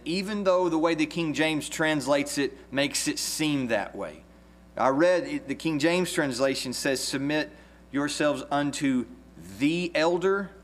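A man preaching a sermon as pastor, earnest and measured, with a few restarts. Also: mid-range voice.

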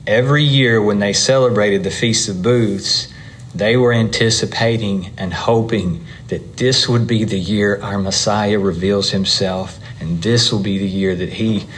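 A man's voice: fairly low pitch, fairly even intonation, measured pace, slight background noise. Man teaching a Bible class, conversational. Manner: conversational, asks the room questions and checks in with "okay? right?". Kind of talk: teaching sermon with questions to the class.

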